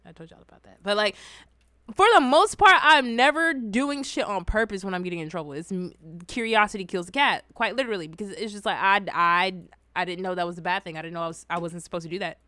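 A young woman tells funny childhood stories in a loose, chatty vlog manner, swearing freely and laughing as she goes. Her voice sits mid-pitch and sounds dry and close. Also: fast, pushed and bright, no room sound. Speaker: vlogger reacting to comments. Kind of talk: casual storytelling chat.

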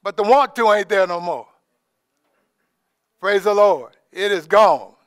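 A man giving an informal, conversational sermon as preacher, dropping in praise asides and trailing off softly. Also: high-pitched, a little slow, no room sound, clean studio sound. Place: church in Alaska.

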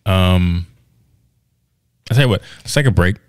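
A man's voice: measured pace, no room sound, clean studio sound. A man co-hosting a podcast in casual chat, joking and teasing his partner. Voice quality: gravelly, low. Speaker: podcast co-host.

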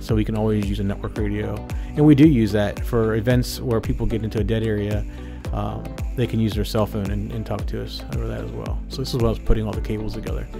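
A man hosting a ham radio channel, casually walking through his setup with lots of fillers and restarts. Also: on the low side. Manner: relaxed, many fillers and restarts. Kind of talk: casual walkthrough narration. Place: inside a trailer, walking around. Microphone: phone.

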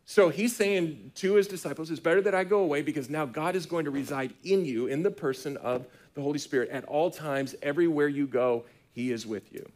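Man, middle-aged, pastor, sermon, conversational storytelling, slightly higher voice. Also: moderate pace, few pauses. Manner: conversational, animated storytelling with frequent restarts. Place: church sanctuary.

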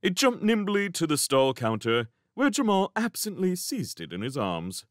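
A man reading a storybook aloud as narrator, with a measured, expressive storytelling manner. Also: on the high side, no room sound, studio quality. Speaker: reader. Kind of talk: audiobook narration.

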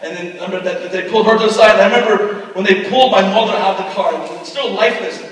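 High-voiced pastor in an echoey hall. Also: male voice, fast talker. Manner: vivid personal storytelling, swings between hushed and loud. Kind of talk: sermon storytelling. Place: retreat meeting hall. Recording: echoey hall picked up from far off.

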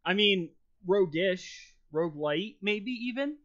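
A man's voice: sits high, animated, slow pace, a bit bright. A man co-hosting a podcast, chatting in a wry, meandering way. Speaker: podcast co-host. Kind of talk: casual chat. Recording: dull lo-fi mic.

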